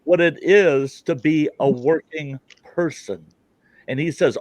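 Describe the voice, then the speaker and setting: A man's voice: fairly high pitch, slow pace, darkish tone, no echo. A man ranting bluntly in a casual group chat, acting out dialogue as he goes. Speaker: call participant.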